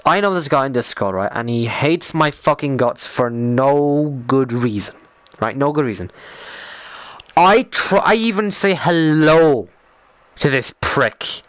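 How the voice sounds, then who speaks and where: A young Irish man talks loosely on a live stream, swearing often and winding himself up as he goes. His voice sits at an ordinary male pitch. It is recorded close and dry, with no room sound. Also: expressive, a bit bright, dry recording. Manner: rambling, swearing, quick to get worked up. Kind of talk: casual live-stream chat.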